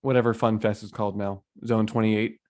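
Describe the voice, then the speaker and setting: A man's voice: lowish voice, flat delivery, fairly quick, a little mellow. A man co-hosting a podcast, retelling a film plot in casual, rambling chat full of fillers. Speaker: podcast co-host. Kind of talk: casual movie recap chat.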